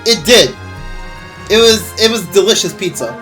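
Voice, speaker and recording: A man streaming a video game and chatting casually with viewers, excitable and gushing, laughing often. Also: sits high, moderate pace. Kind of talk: casual gameplay stream chat. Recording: faint game music behind.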